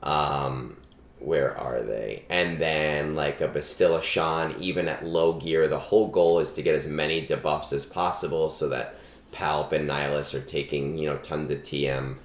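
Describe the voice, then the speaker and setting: A man streaming live and giving game advice in a relaxed, chatty way, full of ums, on a cheap starter microphone. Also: rumbling low, moderate pace. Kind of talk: casual live-stream chat. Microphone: budget starter microphone. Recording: echoey room, cheap mic.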